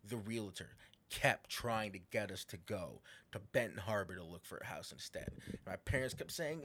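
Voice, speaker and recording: A man's voice: fairly low pitch, animated, moderate pace, fairly bright tone, a little hiss or hum. Sarcastic podcast guy reading his notes, cussing here and there. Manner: sarcastic, swears freely. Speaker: podcast co-host. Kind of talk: casual chat reading prepared notes.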